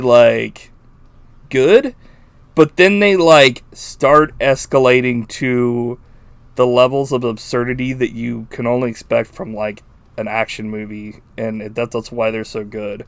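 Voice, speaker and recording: A man co-hosting a podcast in casual chat, animated, swearing freely and laughing often. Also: medium pitch, unhurried, no echo. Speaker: podcast co-host. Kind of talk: casual chat about a film.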